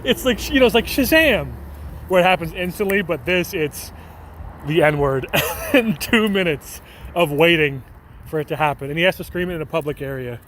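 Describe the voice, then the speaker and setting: A man streaming live outside on a city street at night replies to viewers' messages, rambling and joking with frequent laughter. His voice is a little high, expressive, and a bit bright, at a moderate pace, with faint traffic and street ambience around him.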